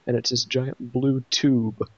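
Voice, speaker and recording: A man talks through an episode review in a loose, rambling way, jumping into the characters' quoted lines as he retells the plot. His voice sits at an ordinary pitch. The recording is dry and a little dull. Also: level tone, slow pace, no room sound. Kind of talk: casual review chat.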